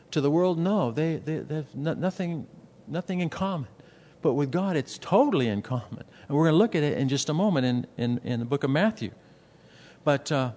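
A man's voice: fairly high pitch, a little mellow, long reverb tail. A man preaching a sermon as a pastor, earnest and emphatic, asking rhetorical questions and repeating words for stress.

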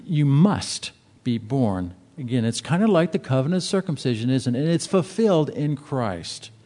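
Pastor, male, mellow tone, casual emphatic preaching. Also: mid-range voice, normal speed. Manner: conversational preaching, emphatic and animated. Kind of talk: sermon.

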